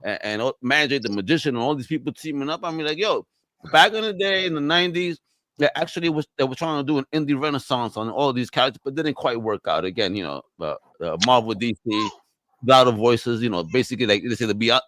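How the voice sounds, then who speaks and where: A man's voice: mid-range voice, fast, a bit bright, no room sound. A man co-hosting a casual pop-culture podcast, talking in a loose, slangy way with plenty of swearing. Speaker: podcast co-host.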